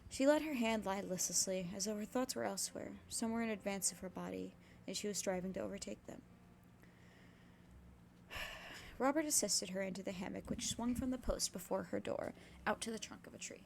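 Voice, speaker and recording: A woman's voice: medium pitch, brisk, vocal fry, slight background noise. A young woman streaming herself reading a classic novel aloud, breaking off into cursing asides. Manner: reads steadily with sudden cursing asides.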